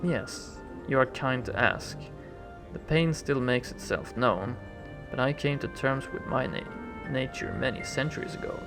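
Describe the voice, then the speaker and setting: A man reading the lines of a calm, centuries-old woman from a role-playing game, in formal, measured phrasing. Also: mid-range voice, natural voice. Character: calm ancient woman, gentle and composed. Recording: game music playing behind.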